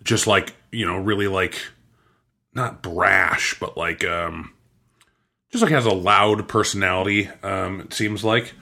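Low-voiced man with a bright edge, chatting. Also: a little slow, creaky. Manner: relaxed, chatty, mimics tunes with silly "do do" sounds. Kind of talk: casual chat.

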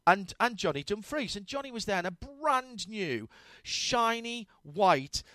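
Male show host, chatty, rambling, slightly high voice, dry studio sound. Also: animated, measured pace, dry recording. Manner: rambling, warm storytelling with many restarts. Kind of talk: casual chat.

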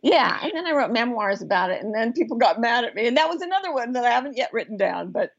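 Earnest middle-aged woman, gravelly voice. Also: a little high, big pitch swings. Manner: earnest, thoughtful, with frequent restarts and slow emphasis. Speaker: guest, life coach. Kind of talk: reflective personal storytelling. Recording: dull lo-fi recording.

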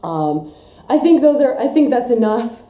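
A young adult woman giving a casual spiritual teaching, lively and expressive, slipping into playful voices for quotes. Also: a little high, measured pace. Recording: echoey room.

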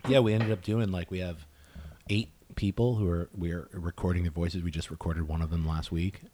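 A man in casual podcast chat, talking in a relaxed, halting way and laughing at himself. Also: sits low. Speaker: guest, animation director.

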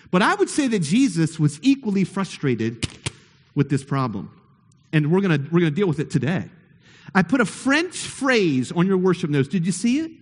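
A man preaching a sermon to his congregation in a church, playful and conversational, often asking them questions. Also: high voice. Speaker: pastor. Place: church sanctuary. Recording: long hall reverb.

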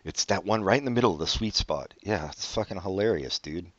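A man's voice: low-pitched, animated, a little fast, a bit bright, dull audio. A man co-hosting a casual podcast chat, wry and swearing casually, often restarting his sentences. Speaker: podcast co-host.

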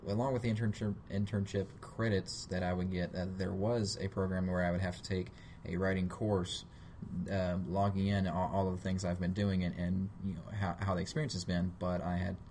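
A young man who is a student intern, answering interview questions on a podcast. His voice is very low and deep. He speaks in a modest, halting way and pokes fun at himself. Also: flat delivery, darkish tone, a little hiss or hum. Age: young adult.

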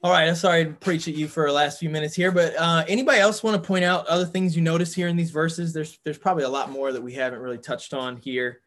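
A man's voice: fairly high pitch, steady tone, fast, hardly any pauses, fairly bright tone. A man leading a Bible study group, teaching in an earnest way and thinking aloud with fillers and restarts.

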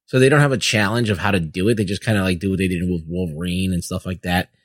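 A man co-hosting a podcast in casual chat, rambling and halting. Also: low voice, dry recording, clean studio sound. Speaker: podcast co-host.

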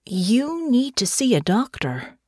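A woman voicing a tired, concerned female friend who speaks slowly and carefully in an audiobook. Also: medium pitch, dry recording, clean studio sound, close to an everyday voice. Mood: worried. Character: weary, worried woman friend at a noble house. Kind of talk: audiobook character voice.

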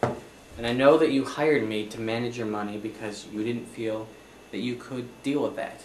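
A man's voice: mid-range voice, fairly even intonation, normal speed, background noise. Flustered apologetic man in echoey room. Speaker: comedy performer as accountant. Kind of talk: one-sided improvised comedy scene.

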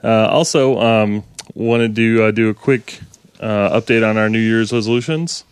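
A man co-hosting a casual tech podcast, speaking hesitantly with many pauses and easy laughs. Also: on the low side, smooth, no room sound. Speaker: podcast co-host.

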